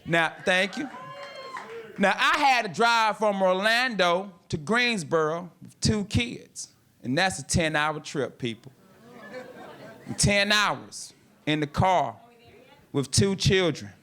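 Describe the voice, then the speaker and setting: A man's voice: sits high, expressive, slow pace, bright, forceful tone. A man from North Carolina, performing a stand-up routine with punchy storytelling aimed straight at the audience. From North Carolina, USA. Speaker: stand-up comedian.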